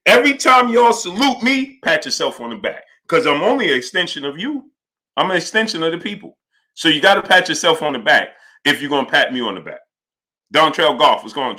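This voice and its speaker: Animated man with a bright, forceful voice. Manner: animated, loud bursts when quoting, then low mumbled shout-outs. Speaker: live-stream sports show host. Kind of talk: casual live-stream commentary reading chat names.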